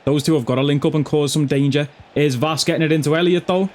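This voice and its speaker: High-voiced man commentating his game. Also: steady tone, fast, a little mellow. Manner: chatty, swears, calls viewers lad and bro. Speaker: gaming YouTuber. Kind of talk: casual gameplay commentary.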